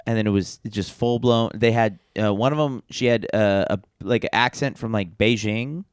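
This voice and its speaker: A man's voice: lowish voice, normal speed, smooth, no echo, studio quality. A man co-hosting a podcast, telling a long rambling bar story with lots of fillers and laughs. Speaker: podcast co-host. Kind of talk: casual storytelling chat.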